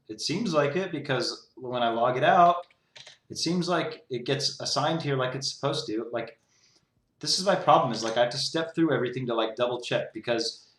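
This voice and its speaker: A man's voice: medium pitch, fairly bright tone. A young man with a mid-range voice talks through his code in a loose, rambling way, peppering everything with "like." He sounds exasperated. The recording carries a noticeable roomy echo. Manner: exasperated, rambling, heavy use of "like". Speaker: programmer streaming his coding. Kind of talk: casual talk-through while coding.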